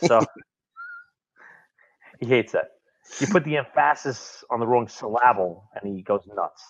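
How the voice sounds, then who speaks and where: A man's voice: mid-range voice, lively intonation, slow pace, no room sound, lo-fi sound. A man hosting a casual podcast roundtable, chatty and rambling as he talks. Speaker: host. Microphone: video call.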